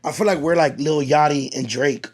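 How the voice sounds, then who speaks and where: A man's voice: a little high, moderate pace. A young man hosting a podcast, telling stories in a casual chat and acting out quotes with a lot of energy. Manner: animated storytelling, acts out quotes. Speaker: podcast host.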